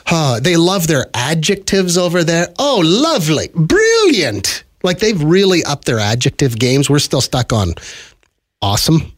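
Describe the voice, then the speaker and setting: Animated podcast co-host. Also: male voice, on the high side, normal speed. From Canada. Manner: animated, emphatic storyteller. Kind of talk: casual chat.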